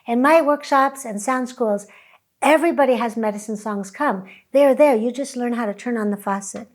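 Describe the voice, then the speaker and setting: A woman who teaches chanting, talking reflectively and softly, now and then breaking into chant. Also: fairly high pitch, normal speed. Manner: soft-spoken, breaks into sung chant.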